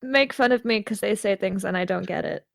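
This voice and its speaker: A woman's voice: mid-range voice, brisk, gravelly, dry recording, clean studio sound. A woman playing in a tabletop game, bubbly and giggly, often teasing the others. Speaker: player. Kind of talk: casual chat during a tabletop game.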